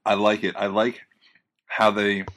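A man's voice: on the low side, completely flat delivery, measured pace, fairly bright tone. A man talking casually as a podcast guest, hesitant and full of fillers. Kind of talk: casual chat.

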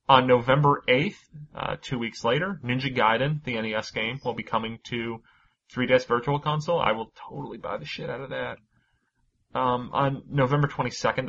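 A man hosting a podcast, chatting casually and running through news, energetic and quick to swear. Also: mid-range voice, vocal fry, lo-fi sound. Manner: energetic, swears freely, laughs often. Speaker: podcast host. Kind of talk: casual chat and news rundown.

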